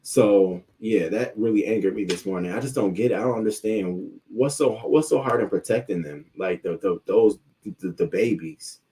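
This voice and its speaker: A man's voice: on the low side, normal speed, mellow. A man hosting a live news commentary stream, ranting in a heated, profane way with many restarts while reacting to his chat. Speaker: livestream news commentary host.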